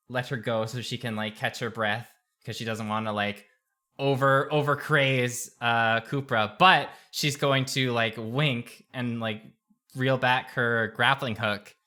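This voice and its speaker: A man playing a tabletop role-play game, musing aloud with hums and pauses as he describes his character's moves. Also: medium pitch, pushed and bright. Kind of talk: casual role-play chat.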